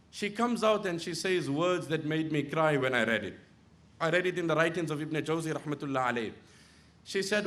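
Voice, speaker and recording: High-voiced impassioned male preacher. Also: fairly quick. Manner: impassioned, swings from hushed storytelling to loud pleading. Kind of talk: sermon. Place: Islamic center.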